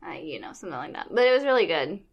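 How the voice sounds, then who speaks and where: A woman's voice: lowish voice, sing-song, rapid-fire, lo-fi sound. A woman in her thirties co-hosting a podcast, talking in a chatty, rambling, enthusiastic way about her family and travels. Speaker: podcast co-host. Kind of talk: casual chat.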